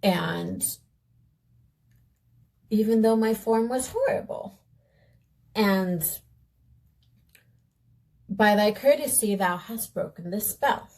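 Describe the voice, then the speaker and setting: A woman voicing a gentle young maiden freed from a witch's spell, speaking in old-fashioned words in a storybook reading. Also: mid-range voice, slow, gravelly, pauses often. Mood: tender.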